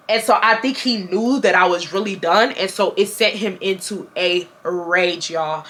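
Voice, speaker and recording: A woman vlogger telling a personal story in a chatty, animated way, talking straight to her viewers on a camera mic. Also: medium pitch, moderate pace, hardly any pauses. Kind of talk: casual storytime chat.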